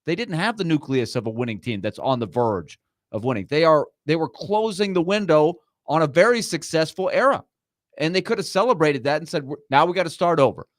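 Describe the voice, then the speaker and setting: Male sports talk host with a higher voice, animated and emphatic. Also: brisk, no room sound.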